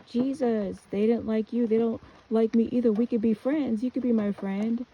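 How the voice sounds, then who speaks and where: A woman voicing her younger self as a lonely little girl with a high, pleading voice. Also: steady tone, moderate pace, highs cut off, slight background noise, lightly acted.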